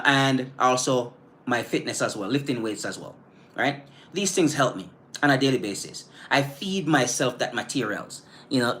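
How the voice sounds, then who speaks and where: A man's voice: mid-range voice, a bit bright. A man hosting a motivational live stream, in a mid-range voice. He speaks earnestly and plainly, stumbling over and repeating words as he gathers his thoughts. Now and then he stops to greet viewers in the chat. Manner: earnest, repeats and restarts words while thinking; blunt, casual phrasing.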